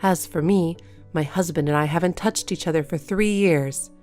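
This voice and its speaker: A woman's voice: fairly low pitch, normal speed, a little mellow, faint music behind, lightly acted. A woman voicing a spiteful, envious neighbor who speaks bitterly and resentfully.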